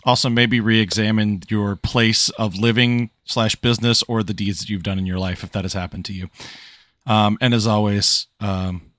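A man playing a tabletop game, talking in a deadpan, wry way. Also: fairly low pitch, moderate pace, dry recording, clean studio sound. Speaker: player. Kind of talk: casual tabletop game chat.

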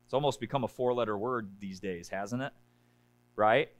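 A man's voice: moderate pace, no room sound. A man preaching a conversational sermon to a congregation, often checking in with "right?" and acting out whiny complaints. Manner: acts out complaining voices in a high whiny pitch. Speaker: pastor.

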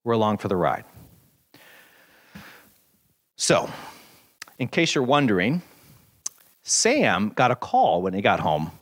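A man's voice: lowish voice, huge pitch swings, unhurried. Earnest male pastor preaching. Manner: earnest, rising to emphatic scripture reading. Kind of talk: sermon.

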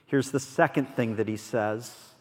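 A man preaching a sermon as a pastor, earnest and conversational, moving between soft and emphatic delivery. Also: medium pitch, fairly even intonation, a little slow. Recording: long reverb of a large hall.

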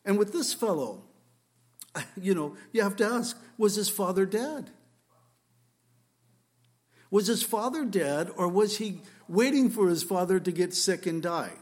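Slightly high-voiced male preacher. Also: animated, unhurried, pauses often. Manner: emphatic, swings between loud rhetorical questions and quiet asides. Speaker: pastor. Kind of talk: sermon.

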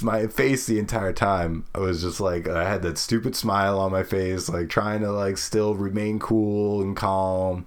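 A man's voice: lowish voice, steady tone, normal speed, few pauses. A young man from Brooklyn, telling a story in casual chat, swearing freely and filling with "like". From Brooklyn, New York. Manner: swears freely, rambling with lots of "like".

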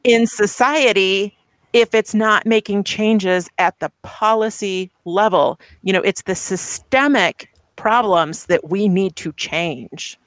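A guest speaking in a casual discussion, quick and emphatic, pressing each point hard. The voice is recorded close and dry, with a middle pitch. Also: a bit bright, no room sound.

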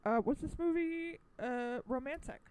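Her voice sits high with a darkish tone, and she talks at a measured pace. A young woman co-hosting a podcast indoors in New York, she rambles casually with lots of fillers and restarts, in a rough recording.

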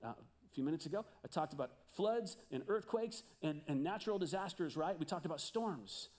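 A male pastor delivers a sermon in a fairly high voice. His pitch rises and falls widely as he speaks. He keeps turning to the congregation with questions. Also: brisk. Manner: animated preaching, asks the audience questions.

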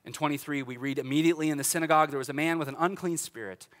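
A middle-aged pastor delivers a sermon in a loose, conversational way. His voice sits a touch high for a man, and he laughs easily and restarts his sentences as he goes. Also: racing, a bit bright. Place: church sanctuary.

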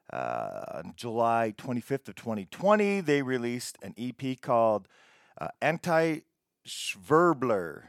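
Music show host, male, offhand and casual, swinging pitch, dry close sound. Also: dry recording. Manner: stumbles over foreign words, offhand and swears casually.

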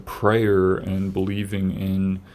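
A man co-hosting a casual podcast, reading out news stories in a halting way with many fillers and restarts. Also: low voice, monotone, a little mellow. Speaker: podcast co-host.

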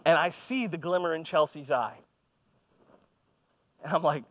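A man's voice: a little high, a little slow, pauses often, fairly bright tone, dry recording. A man in his thirties preaching a sermon in a conversational, storytelling way, with self-deprecating humor. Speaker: pastor. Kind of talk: sermon with personal stories.

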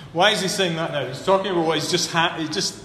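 A man preaching a sermon, building to emphatic peaks and then dropping low and earnest. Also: pushed and bright. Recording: echoey hall with long reverb, faint room hum.

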